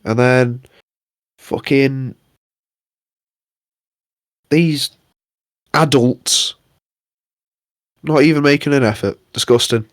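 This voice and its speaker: Speaking slowly with long pauses, this young co-host of a podcast delivers a sweary, exasperated rant full of mock impressions in a casual chat. His pitch is medium. There's no echo, and the audio is studio quality.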